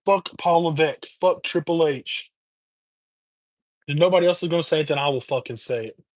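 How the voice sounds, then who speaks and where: A man's voice: fairly high pitch, moderate pace, a little mellow, dry recording. A man hosting a livestream, delivering a heated, profane, repetitive rant. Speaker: livestream host. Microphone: webcam or streaming mic.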